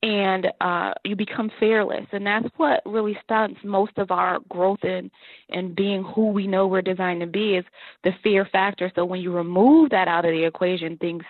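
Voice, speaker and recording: Woman telling her life story, earnest and lively, sounds like a tinny phone line, dry. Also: mid-range voice, normal speed, no echo. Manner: earnest and animated, laughs often. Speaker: guest.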